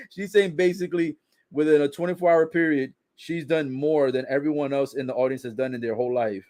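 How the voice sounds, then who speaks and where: A man's voice: fairly high pitch, steady tone, a little fast, a little mellow. A man casually recapping a wrestling broadcast, swearing, joking in slang and laughing often. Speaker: wrestling show reaction commentator.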